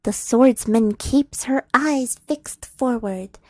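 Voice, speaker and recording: A young woman streamer reading a fan story aloud, softly and often whispered, with giggly asides, on a close mic. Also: fairly high pitch, slow pace, dry recording.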